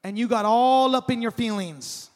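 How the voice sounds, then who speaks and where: A man in his thirties preaching a sermon as pastor, animated and conversational, calling on the congregation to respond. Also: extremely high pitch, moderate pace. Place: large church hall. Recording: long hall reverb.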